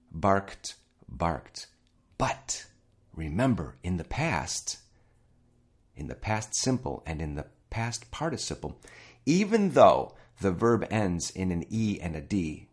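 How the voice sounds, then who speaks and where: A man hosting a spoken English lesson, chatty and addressing listeners directly, repeating words slowly for learners. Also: sits low, husky. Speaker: English teacher, podcast host.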